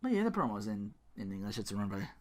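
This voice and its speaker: A man's voice: on the low side, big pitch swings, quick pace. A man hosting a solo podcast, rambling and joking at his own expense. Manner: rambling, self-mocking, laughs at own jokes. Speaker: podcast host.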